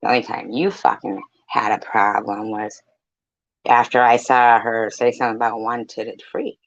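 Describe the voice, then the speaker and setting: A woman's voice: rumbling low, level tone, moderate pace, creaky, no echo. A woman streamer talking to her viewers in a blunt, heated, profane rant. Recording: dull, lo-fi, dry mic.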